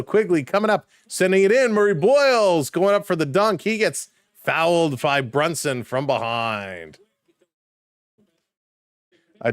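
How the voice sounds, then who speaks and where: A man doing live play-by-play commentary for a stream, calling plays quickly and chatting with viewers in between. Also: medium pitch, dry recording, studio quality. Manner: rapid play calls, rising excitement on big plays, chatting with viewers.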